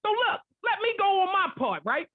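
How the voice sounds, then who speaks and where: A man's voice: extremely high pitch, very animated, moderate pace. A man hosting a podcast, arguing in a heated casual debate, profane and talking over others. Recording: tinny phone-like sound, dry.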